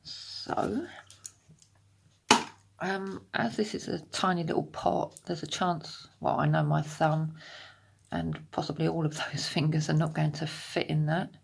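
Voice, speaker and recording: With a low voice, vocal fry, and a steady, measured delivery, a woman runs through a nail tutorial step by step at her desk at home. She's chatty and explanatory, occasionally dropping to half-whispers, and there's a little background noise.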